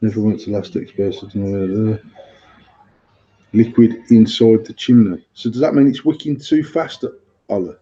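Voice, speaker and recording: A man's voice: fairly low pitch, moderate pace, warm tone, slightly rough. A man co-hosting a casual podcast, rambling and swearing as he repeats himself. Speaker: podcast co-host. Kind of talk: casual chat. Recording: dull lo-fi sound.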